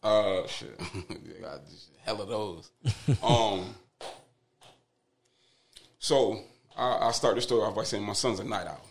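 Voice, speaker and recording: A young man, a father of twins, telling stories as a podcast guest in a casual, animated, profane way. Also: lowish voice, slow, creaky, pauses often, slightly rough. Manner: animated, profane storytelling with laughter.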